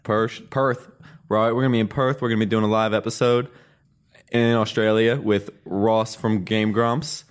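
A man's voice: lowish voice, little pitch movement, smooth. Young man hosting a jokey podcast. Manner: quick, repetitive interjections, jokey. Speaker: podcast host. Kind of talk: comedy podcast banter.

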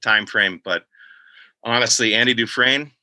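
An older man from Boston telling stories in a casual chat, animated and slipping into voices as he recounts events. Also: mid-range voice, a little slow, no room sound, poor audio. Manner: animated storyteller, slips into voices. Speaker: podcast guest.

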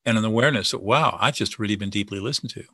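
A man with a bright, forceful voice lays out his methods in a confident, teaching manner. The sound is dry and close, with no room around it. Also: fairly low pitch, very fast, no room sound. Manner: confident, teaching, acts out sample dialogue. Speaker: guest expert on listening and de-escalation. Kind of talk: explanatory interview talk.

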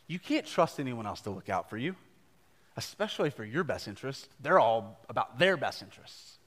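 Earnest young pastor in a reverberant church. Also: male voice, medium pitch, sing-song, a little fast, a bit bright. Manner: conversational, earnest, with asides to the congregation. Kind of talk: live sermon. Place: church gathering before a congregation. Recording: live church recording with long hall reverb.

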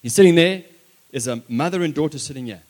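A male preacher with a voice pitched a touch above the usual, delivering a sermon with story-telling. He swings from loud, emphatic declarations to quiet, hushed phrases. He drops into chatty asides to his listeners. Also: lively intonation, fast talker. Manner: conversational asides to the congregation.

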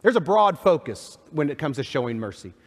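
Guy preaching a sermon, chatty asides, kinda high voice, big hall echo. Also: very animated, fairly quick, breathy edge. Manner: conversational preaching with scripture reading and asides. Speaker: pastor. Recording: long hall reverb.

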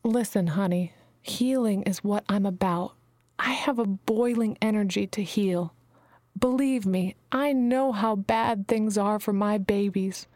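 A woman's voice: mid-range voice, measured pace, a little mellow, dry recording, close to an everyday voice. A woman voicing a motherly female healer who calls everyone her babies, speaking soothingly and sometimes dropping to a whisper, in a dry recording. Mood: tender. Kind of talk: audiobook character reading.

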